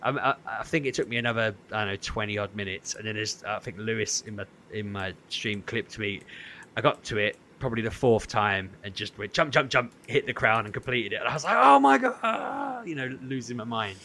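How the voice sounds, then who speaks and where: A man's voice: fairly low pitch, fairly quick, slight background noise. A man, co-hosting a podcast, telling a story in casual chat and acting out what people said. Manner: animated storytelling, acts out quotes. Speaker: podcast co-host.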